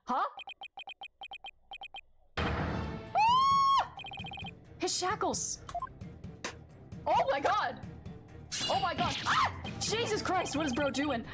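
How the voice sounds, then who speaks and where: A woman streamer giving casual, excitable, joking commentary while playing a video game. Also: extremely high pitch, drawn-out words, pauses often. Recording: loud game music underneath.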